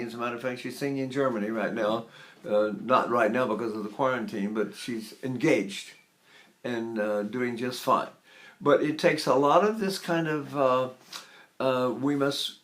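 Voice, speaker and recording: Man in his eighties, voice teacher, mid-pitched voice, unhurried explanatory lesson, sings and breathes to demonstrate. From United States. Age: 80s. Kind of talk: spoken vocal lesson with sung demonstrations.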